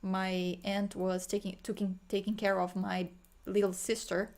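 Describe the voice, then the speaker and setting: A woman guiding a healing meditation, talking slowly and softly with sighs, sometimes chanting in an invented language. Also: medium pitch, level tone. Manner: slow, soft, sighing, breaks into chanted light language. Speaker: spiritual healer.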